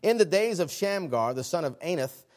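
A man preaching a sermon, his voice pitched high for a man. He swings widely from loud, urgent lines down to hushed, quiet ones. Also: expressive, moderate pace. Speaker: pastor.

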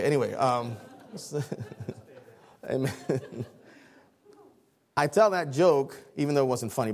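A man preaches an evening sermon in a church, earnest and emphatic, often pausing on fillers. His voice sits fairly high for a man. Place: church sanctuary.

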